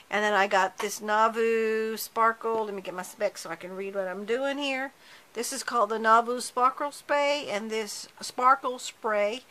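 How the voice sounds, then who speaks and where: A woman's voice: a little high, pushed and bright, slight background noise, poor audio. Chatty woman crafting while she talks. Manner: chatty, self-correcting while working with her hands. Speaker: card-making tutorial host. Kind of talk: casual craft tutorial narration.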